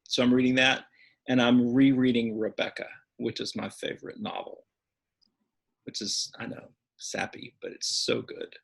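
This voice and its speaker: A man who directs a church's music, chatting warmly as an interview guest and gently poking fun at himself. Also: medium pitch, flat delivery, normal speed, creaky. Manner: warm, chatty, self-deprecating. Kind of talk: casual interview chat.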